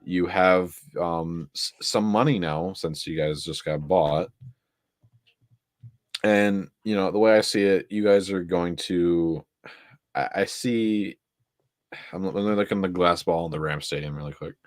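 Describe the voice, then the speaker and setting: A young man co-hosting a casual football talk show, rattling off stats and getting excited about big games. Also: deep voice, a little slow, no echo. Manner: excitable, stat-heavy, laughs often. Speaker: co-host. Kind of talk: casual sports chat.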